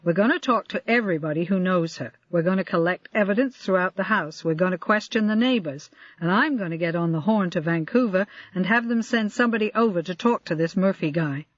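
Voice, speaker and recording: A man's voice: sits high, brisk, few pauses, fairly bright tone, no echo. A narrator reading the lines of a blunt male police sergeant who takes charge in a firm, matter-of-fact way, on a dull, dry recording. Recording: dry, slightly dull lo-fi audio.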